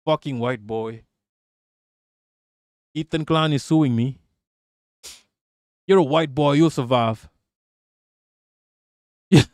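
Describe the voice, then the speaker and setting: A man's voice: on the high side, slow, pauses often, a little mellow, no room sound. Profane, rambling male streamer. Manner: profane, rambling, laughs often. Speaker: streamer host. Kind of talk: casual livestream commentary.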